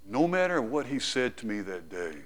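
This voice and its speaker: A middle-aged man preaching a sermon, swinging from loud emphatic lines to hushed ones and telling a personal story. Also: medium pitch, sing-song, normal speed.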